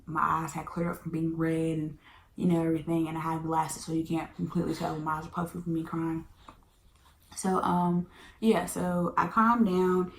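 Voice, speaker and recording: A woman, telling a storytime in a casual chatty way, sometimes dropping to a whisper. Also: on the low side. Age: 20s. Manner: chatty, animated, drops into whispers. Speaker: vlogger. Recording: echoey room, faint background hum.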